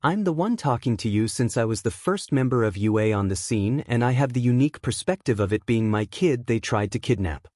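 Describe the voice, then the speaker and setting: A man reads a story aloud as a weary, blunt hero-teacher, a father determined to shield his child, delivering it in a dry monotone at a typical male pitch. He talks briskly with few pauses, close to an everyday voice. The recording is close-miked and dry, with no echo or room sound.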